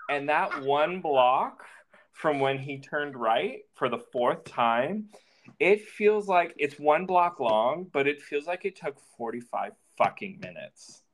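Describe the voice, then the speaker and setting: A man on a podcast spins a personal story with a lively, swooping pitch. He talks casually, swears freely and slips into the voices of the people he describes. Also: slow. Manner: animated, swearing, acts out the dialogue.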